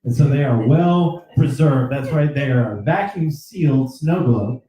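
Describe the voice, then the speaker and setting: A man's voice: mid-range voice, lively intonation, unhurried, warm tone, echoey room, low-quality recording. A man co-hosting a comedy show, delivering a mock-serious weather report and chuckling often.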